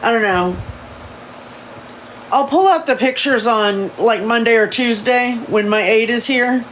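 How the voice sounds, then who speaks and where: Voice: mid-range voice, a little slow, fairly bright tone, a little hiss or hum, poor audio. A livestream host chatting casually at home, rambling and second-guessing their memories, and sometimes reading a novel aloud. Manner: rambling, unsure of details, self-correcting. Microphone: phone livestream.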